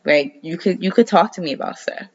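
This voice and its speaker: Woman playing a gently scolding mother, raised pitch, lo-fi audio. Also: a little fast. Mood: reproachful. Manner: reproachful.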